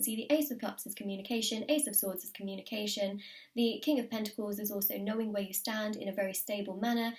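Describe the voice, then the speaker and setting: A woman's voice: mid-range voice, a little mellow. A British woman talks through a tarot reading in an eager, emphatic way. She stacks up repeated words and gasps out little exclamations as the cards turn over. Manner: enthusiastic, repeats words for emphasis, drops to whispers. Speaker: tarot reader.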